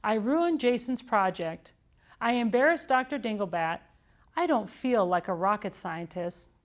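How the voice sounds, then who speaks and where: A woman's voice: mid-range voice, expressive, unhurried, natural voice. A woman voicing Amelia Bedelia, an earnest, chatty housekeeper from a storybook. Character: cheerful literal-minded housekeeper woman.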